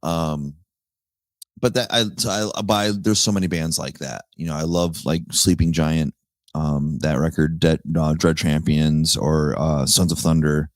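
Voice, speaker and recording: Deep-voiced guy rambling on his podcast, cussing and laughing, dry close mic. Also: steady tone, unhurried, dry recording. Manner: rambling, profane, laughs at his own jokes. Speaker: podcast host. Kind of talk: casual solo podcast chat.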